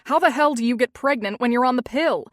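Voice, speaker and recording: A woman's voice: on the high side, moderate pace, no echo, clean studio sound, close to an everyday voice. A woman voicing a domineering young husband who is demanding and scolding. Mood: angry.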